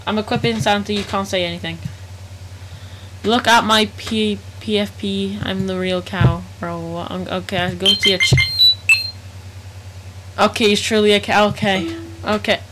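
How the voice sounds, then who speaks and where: A woman's voice: mid-range voice, fairly even intonation, moderate pace, long pauses, very noisy. A woman live-streaming a game, chatting casually in slangy speech and reacting aloud to chat.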